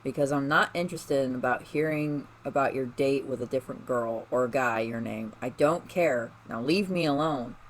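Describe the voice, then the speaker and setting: A man voicing a moody, defensive young male mutant turtle in a read-aloud fan story, in a flat, grumbling way. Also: mid-range voice, measured pace, a little hiss or hum, natural voice, rough recording. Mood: angry.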